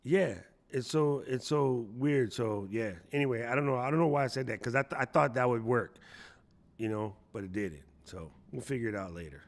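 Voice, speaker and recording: A man's voice: medium pitch, moderate pace. A man hosting a casual live stream, chatting playfully and answering viewers from the chat. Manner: playful, chatty, reads chat aloud, jokey voices. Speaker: livestream host.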